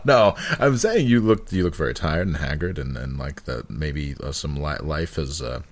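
A man's voice: a bass voice, lively intonation, moderate pace. A man hosting a casual chat, rambling and self-mocking, laughing often. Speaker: podcast host.

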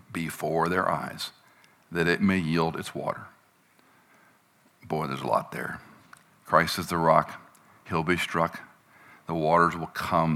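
A man preaching a conversational sermon, reading scripture aloud and acting out complaints with animated bursts. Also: low-pitched. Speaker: pastor.

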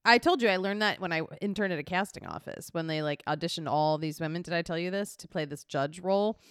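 A woman co-hosting a podcast, chatting casually and telling lively stories with casual swearing. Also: fairly low pitch, fast talker, smooth, no echo, studio quality. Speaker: podcast co-host. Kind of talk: casual chat.

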